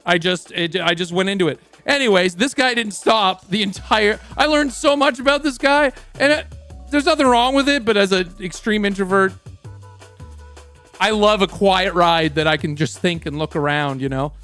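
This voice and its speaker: Young canadian guy on stream, canadian accent, high voice, cussing and rambling, faint music behind. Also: moderate pace, fairly bright tone. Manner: profane, rambling storyteller. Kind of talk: casual stream chat.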